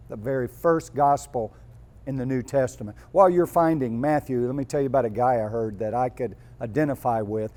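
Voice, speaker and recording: A man's voice: medium pitch, a little mellow. A male pastor preaching a sermon, telling homespun stories and building to emphatic peaks.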